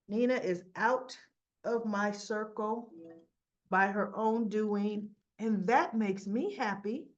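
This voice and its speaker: A woman's voice: medium pitch, takes it slowly, dull audio. A woman casually recapping a soap opera episode, chatty, retelling scenes with quoted lines and asides.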